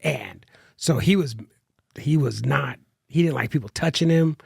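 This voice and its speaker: A man tells a rambling story on a podcast, restarting his sentences and swearing casually. His voice sits a bit high and is gravelly and husky. The sound is close and dry. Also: a little slow, a little mellow, no echo. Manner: rambling, many restarts and fillers, swears freely. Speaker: guest comedian.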